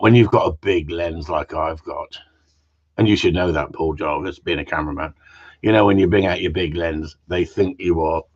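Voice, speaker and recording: A man hosting a casual live Q and A, rambling and jokey, swearing freely and tagging questions onto his remarks. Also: low-pitched. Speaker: host of a live Q and A. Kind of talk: casual live-stream chat. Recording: muffled lo-fi audio.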